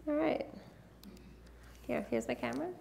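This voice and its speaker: A woman's voice: sits high, normal speed, gravelly, a little mellow, slight background noise. A woman presenting a live workshop, teasing and directing volunteers in front of an audience. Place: event room with an audience.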